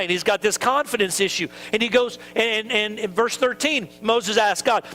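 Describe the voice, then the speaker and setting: High, bright-voiced preacher man. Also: normal speed, few pauses, slight background noise, poor audio. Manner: conversational preaching, acts out quoted excuses. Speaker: pastor. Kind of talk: sermon.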